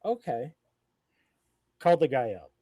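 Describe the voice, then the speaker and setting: A man co-hosting a live podcast, telling a story in an emphatic, profane, animated way. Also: mid-range voice, a little slow. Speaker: podcast co-host. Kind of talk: casual storytelling.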